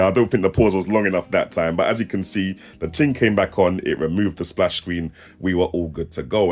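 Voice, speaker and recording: A young man with a South East London accent, demoing a webcam to camera in casual slang, laughing and joking as he goes. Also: deep voice. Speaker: tech reviewer. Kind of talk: casual product demo to camera.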